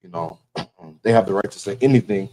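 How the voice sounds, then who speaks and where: A religious teacher preaches within a casual talk, his voice fairly low and darkish at a moderate pace, with slight background noise. He speaks emphatically in a warning tone and keeps asking his listeners "you know what I'm saying".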